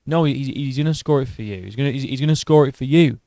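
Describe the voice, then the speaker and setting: A man's voice: medium pitch, fast, warm tone, no echo. Blunt, mocking male commentator. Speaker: boxing commentator. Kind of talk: reaction commentary.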